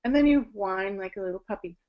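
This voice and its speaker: A woman's voice: mid-range voice, mellow, highs cut off. Woman voice teacher explaining technique. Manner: explanatory, with sung and spoken demonstrations. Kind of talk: online presentation on vocal technique. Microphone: video call.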